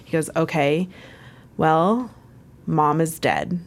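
Slow, low-voiced woman recalling. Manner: halting, hesitant retelling. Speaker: interviewee. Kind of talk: personal recollection.

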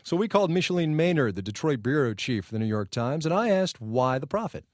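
A man's voice: a little high, very animated, fast, dry recording. A man hosting a public radio business news program from a studio, talking in a conversational way with wry asides. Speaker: news anchor.

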